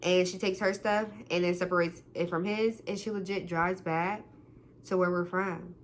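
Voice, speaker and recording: A woman's voice: fairly low pitch, normal speed, slight background noise. A young adult woman vlogger telling a story in a casual, slangy way, with plenty of swearing. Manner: chatty, slangy, animated retelling with swearing.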